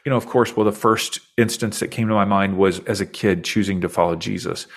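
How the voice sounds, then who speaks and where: Gravelly low-voiced man telling his story. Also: fairly even intonation, brisk. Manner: earnest, reflective, openly emotional recounting. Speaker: podcast guest. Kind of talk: personal storytelling in conversation.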